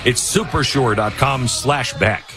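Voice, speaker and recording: A middle-aged man hosting a talk radio show, rambling and self-mocking, with sudden shouted outbursts. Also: mid-range voice, measured pace, soft background music. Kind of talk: talk radio monologue and host-read ads.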